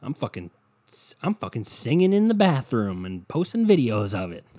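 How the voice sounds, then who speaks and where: A man's voice: medium pitch, big pitch swings, moderate pace, warm tone. A young man hosting a solo podcast from his bedroom, ranting in a profane, sarcastic, rambling way into a computer mic. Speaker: podcast host. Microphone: desktop computer mic.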